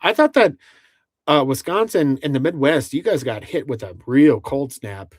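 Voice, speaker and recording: A man's voice: medium pitch, expressive, moderate pace, no room sound, clean studio sound. Rambling man chatting on a livestream. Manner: rambling, many restarts, laughs between lines. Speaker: livestream host. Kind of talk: casual livestream chat, reading out viewer comments. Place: inside a truck camper.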